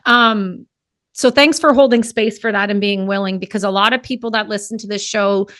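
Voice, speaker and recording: A woman's voice: medium pitch, steady tone, normal speed, fairly bright tone, no echo, studio quality. A woman hosting a podcast interview, who talks bluntly and emphatically and swears casually. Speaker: podcast host.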